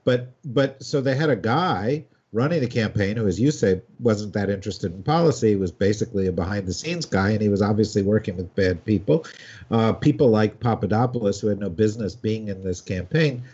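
Male panel host; lowish, husky, filler-heavy; muffled audio. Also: animated, a little fast, a little mellow. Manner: filler-heavy, steering the talk. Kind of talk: political panel discussion. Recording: dull lo-fi audio.

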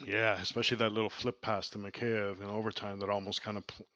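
A man with a lowish voice gives emphatic, rambling opinions in a casual sports chat. His audio sounds dull and lo-fi, with a dry, close sound and no room echo. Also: level tone, fast talker, bright, forceful tone.

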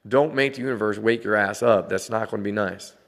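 Man in his forties, gravelly low voice, blunt swearing rant, long room echo. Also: fairly quick. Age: 40s. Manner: blunt, swearing, laughing between lines. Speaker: vlogger dad. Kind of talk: casual rant to camera.

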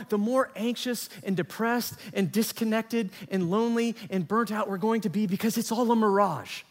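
High-voiced pastor preaching in a reverberant hall. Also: male voice, fairly bright tone. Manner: earnest preaching with repeated phrases and rising emphasis. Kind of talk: sermon.

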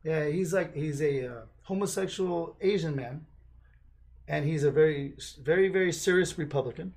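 Guy hosting a podcast, kinda high voice, rambly and jokey, all over the place. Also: normal speed, darkish tone. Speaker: podcast host. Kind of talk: casual chat.

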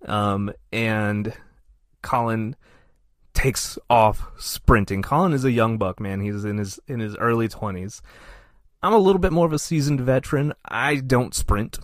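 Animated man telling a story. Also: on the low side, unhurried, dry recording, clean studio sound. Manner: animated, self-deprecating anecdote telling. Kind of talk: casual storytelling.

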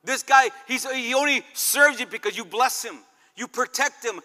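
A preacher putting on a sly bargaining Satan. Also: male voice, extremely high pitch, normal speed, pushed and bright, full character voice. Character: scheming male Satan, bargaining. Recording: long reverb hall.

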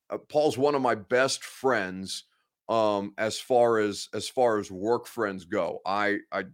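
A man's voice: medium pitch, a bit bright. A man in his late twenties hosting a sports talk show from his office, chatting casually and bluntly with viewers. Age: 20s. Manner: blunt, candid, rambling. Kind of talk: casual live show chat, reading viewer comments.

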